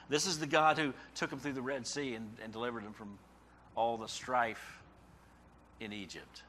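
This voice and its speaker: Bright-voiced male preacher, conversational and animated. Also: mid-range voice, normal speed. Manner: animated preaching, voicing the prophet's cries with sudden rises; conversational asides ending in "okay?". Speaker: pastor. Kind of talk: sermon.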